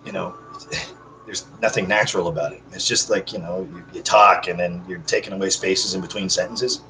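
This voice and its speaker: Casual male vlogger at home, lowish voice, rambly and self-mocking, talks straight to viewers in one take. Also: steady tone, brisk, pushed and bright, slight background noise, poor audio. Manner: rambling, joking, self-deprecating asides to viewers. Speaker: channel host. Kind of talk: casual unedited one-take vlog chat.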